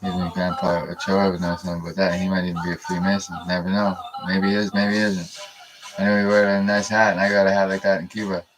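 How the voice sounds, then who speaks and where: A man in his thirties rants on a live stream, rambling and profane, jabbing at people he sees as enemies. His voice sits low and stays flat, with little rise or fall. Music plays clearly behind him. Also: fast talker, poor audio. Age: 30s.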